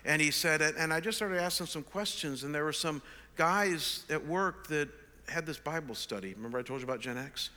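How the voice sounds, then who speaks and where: A man in his sixties, a pastor, telling an animated, self-deprecating story in a sermon. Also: on the high side, brisk. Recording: long reverb of a large hall.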